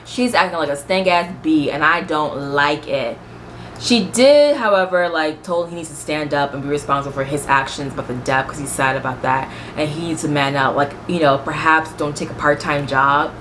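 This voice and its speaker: A woman's voice: low voice, steady tone, brisk, hardly any pauses, a bit bright, slight background noise. A woman vlogger giving a blunt, profane, sassy recap of a reality show in casual chat.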